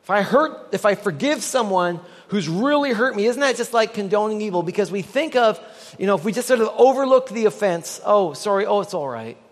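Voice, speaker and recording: A Canadian man preaching a sermon in an animated, joking way, getting the audience to repeat lines after him. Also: high voice, fairly quick, long reverb tail. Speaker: pastor.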